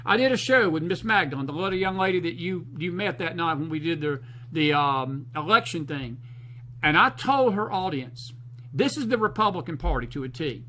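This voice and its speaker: A man's voice: on the high side, animated, normal speed, sharp tone, a little hiss or hum, low-quality recording. A man hosting a talk show, delivering fired-up political commentary in a folksy, preachy, emphatic way.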